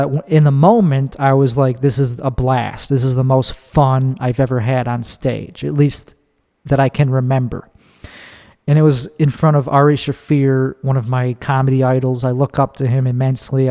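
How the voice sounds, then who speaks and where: A man's voice: mid-range voice, warm tone. A man in his thirties from Chicago, a stand-up comedian hosting his own podcast, telling a story in a rambling, candid way with restarts and swearing. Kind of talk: casual solo storytelling. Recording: long hall reverb.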